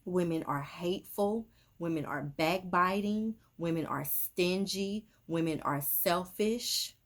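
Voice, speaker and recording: Low-voiced woman medium, emphatic. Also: takes it slowly. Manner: emphatic, repetitive, with many fillers. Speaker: spiritual medium. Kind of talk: casual social media monologue.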